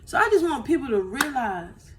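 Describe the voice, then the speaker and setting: A woman's voice: high voice, sing-song, normal speed, noisy background. A woman vlogger telling her story to viewers on a phone, emotional and blunt, swearing freely and often asking "you know what I'm saying".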